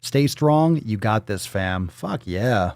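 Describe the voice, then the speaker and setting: A man hosting a fitness livestream. He talks casually, reacting to viewer posts with loud jokes, swearing and pep-talk coaching. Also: fairly low pitch, expressive, slow, dry recording. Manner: loud, profane, joking, coaching.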